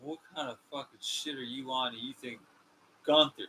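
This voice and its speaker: Blunt swearing co-host man, sharp voice. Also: mid-range voice, steady tone, moderate pace, breathy edge, poor audio. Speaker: podcast co-host. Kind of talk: casual chat.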